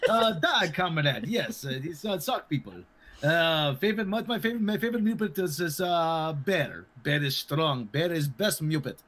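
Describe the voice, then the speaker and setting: A man putting on a fake Russian accent as a communist moviegoer, speaking broken English with halting pauses. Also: a little high, lively intonation, fairly bright tone, pitched above the performer's own voice. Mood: earnest deadpan.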